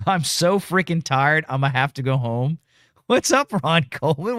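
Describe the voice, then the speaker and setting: A man's voice: on the high side, lively intonation, fast talker, a bit bright, no room sound, studio quality. A man hosts a casual political commentary livestream, blunt and ranting as he reads viewer comments. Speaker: show host reading super chats.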